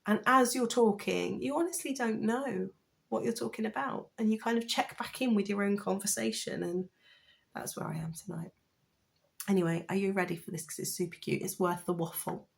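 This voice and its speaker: A woman vlogging about knitting, talking in a rambling, chatty way and gushing with excitement, sounding tired. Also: medium pitch, moderate pace, vocal fry. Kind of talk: casual chatty vlog.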